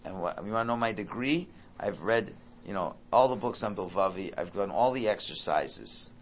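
A man giving an informal Torah talk, animated and acting out parent and child dialogue. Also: on the low side, normal speed, a little hiss or hum.

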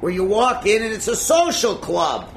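A man teaching a religious class in a lively, conversational way, acting out little scenes and chuckling at his own points. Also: high-pitched, moderate pace, vocal fry, slight background noise. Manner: animated, acts out quotes, chuckles at own points. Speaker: Torah teacher.

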